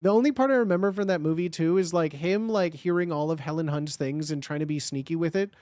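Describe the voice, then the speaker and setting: A man with a fairly high speaking voice chats casually on a stream. He rambles, stacking up filler words. The sound is dry and close. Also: darkish tone, no room sound. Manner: rambling, with lots of filler words, and quick laughs. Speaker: guest on a livestream. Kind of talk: casual chat.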